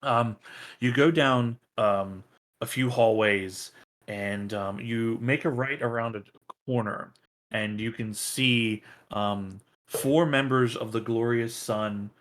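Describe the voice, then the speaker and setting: Slow, halting male game master. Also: mid-range voice, a bit bright. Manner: halting, many ums and uhs. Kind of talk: narrating a tabletop game.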